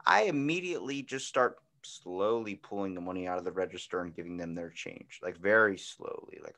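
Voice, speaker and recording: A man hosting a podcast in casual chat, telling stories with lively acted-out voices and plenty of swearing. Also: deep voice, fairly quick, hardly any pauses. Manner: animated storyteller acting out voices, swears freely. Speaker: podcast host.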